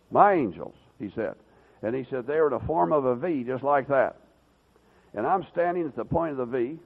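Gravelly-voiced man preaching over a tinny line. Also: medium pitch. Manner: retells a story with many "he said" and "uh" fillers. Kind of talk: sermon storytelling. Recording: tinny lo-fi sermon recording.

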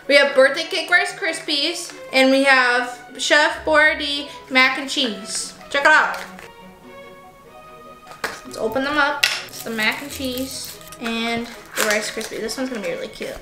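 A woman vlogger unboxing toys in a casual, gushing and excitable way, chatting to her stuffed animals as she goes. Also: high voice, a little slow. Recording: echoey room with faint music.

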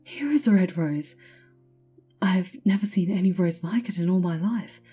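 A woman voicing an eager, self-absorbed young male student who speaks in an excited, lofty way. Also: fairly low pitch, normal speed, breathy edge, soft background music. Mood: delighted.

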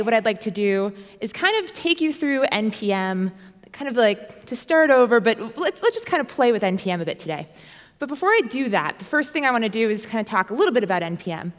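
A woman on a conference stage, talking quickly and playfully as she codes live. Her higher voice swings widely in pitch. A long hall reverb trails behind each phrase. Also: a bit bright. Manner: fast, playful, self-deprecating. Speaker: conference speaker. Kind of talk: live-coding conference talk.

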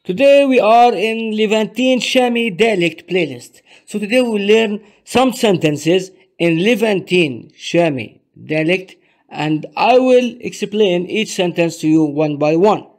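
A man with a rather high voice runs a language lesson from his own channel. He says each word, repeats it and explains it one step at a time, in a patient, teacherly way. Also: lively intonation, unhurried. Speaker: Arabic teacher.

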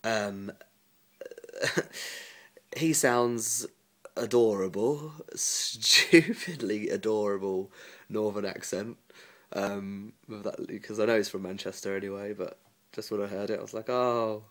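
A man's voice: lowish voice, steady tone, unhurried, a bit bright. A man vlogging at home into a phone camera, telling a rambling story casually, laughing and mimicking the people in it. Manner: chatty, rambling, mimics other people's voices, laughs often.

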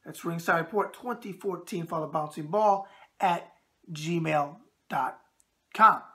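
A man's voice: a little high, slow, pushed and bright. A middle-aged man hosting a casual boxing mailbag show with brash, tough-guy banter.

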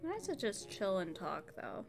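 Over background music, a tired woman streamer chats casually and sleepily, trailing off between thoughts. Her mid-range voice is creaky and swoops wildly in pitch, and her drawn-out talk is sprinkled with soft laughs.

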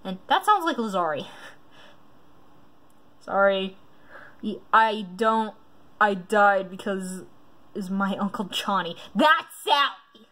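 A woman's voice: mid-range voice, slow pace, pauses often, fairly bright tone. A woman vlogger in casual commentary, reading quiz questions aloud and rambling through her reactions.

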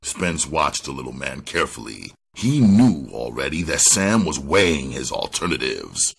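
A man's voice: very deep voice, very animated, normal speed, gravelly, few pauses, slightly rough. A man reading a crime novel aloud as an audiobook narrator, telling the story expressively. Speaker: audiobook reader.

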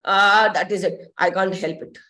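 A woman's voice: mid-range voice, steady tone, moderate pace, pushed and bright. A woman storyteller, telling a story in the first person as a shopkeeper, chatty and full of asides. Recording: roomy echo.

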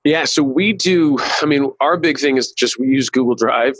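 This guest, a digital marketing consultant, has a husky, medium-pitched voice at normal speed, rambling through a casual marketing webcast interview with lots of fillers and restarts. The low-quality recording has no room sound.

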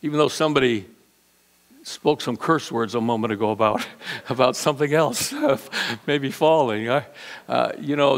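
A male pastor preaching an Easter sermon, telling a story with lively delivery and playful acted-out voices. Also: mid-range voice, normal speed. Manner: animated storyteller, acts out voices. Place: church sanctuary.

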